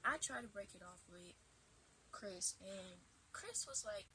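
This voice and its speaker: A woman in her twenties tells a casual storytime vlog at home in a bright, forward voice. She talks animatedly and acts out dramatic retorts. The camera mic picks her up in an ordinary room. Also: mid-range voice, unhurried, slight background noise, poor audio. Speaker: vlogger.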